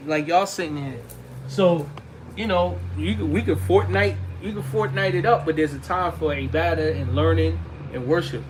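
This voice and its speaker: A man with a fairly high voice teaches a classroom of youths. He talks casually and uses slang, and he recites Arabic phrases before explaining them. A faint air conditioning hum sits behind him. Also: poor audio. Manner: colloquial, slangy, addresses youths directly. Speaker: religious teacher. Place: classroom with young students.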